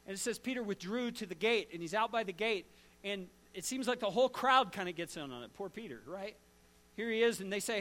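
A man preaching a sermon as a dramatic story, swinging from loud to hushed and asking the listeners direct questions. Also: sits high, animated, a little fast. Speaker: pastor.

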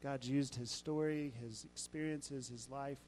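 A Southern US pastor speaks to his congregation in a mellow, darker voice. His delivery is plain, with small restarts as he sets up the next speaker. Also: medium pitch, fairly even intonation, a little slow, a little hiss or hum, rough recording. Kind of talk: church service announcement. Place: church sanctuary.

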